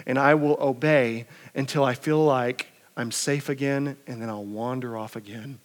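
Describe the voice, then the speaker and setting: A man's voice: medium pitch, steady tone, moderate pace, big-room sound, pitched below the performer's own voice, lightly acted. A man voicing a stubborn, hungry male horse that complains sulkily in a sermon illustration. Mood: sulky. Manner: sulky, complaining.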